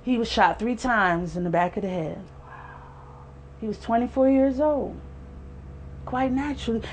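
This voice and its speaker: A woman's voice: fairly high pitch, moderate pace, a little hiss or hum. A woman in her forties giving a heartfelt personal testimony, earnest and emphatic, acting out what people said. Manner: earnest, emphatic storyteller who acts out quoted speech. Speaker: guest sharing a personal testimony.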